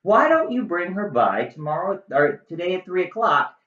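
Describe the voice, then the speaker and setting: A woman's voice: lowish voice, sing-song, normal speed, recorded from a distance, voice pushed up. A woman voicing a wry, scheming male friar in a comic retelling, with a dry, sardonic delivery. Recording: echoey room, slightly dull.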